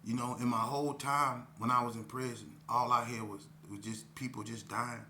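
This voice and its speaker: A middle-aged man from Las Vegas tells his own story in casual street talk, earnest and rambling. His voice is bright and forceful, and a faint hum sits under it. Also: medium pitch, little pitch movement, normal speed, few pauses. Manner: earnest, rambling, drops "you know what I'm saying" often. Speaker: host telling his life story.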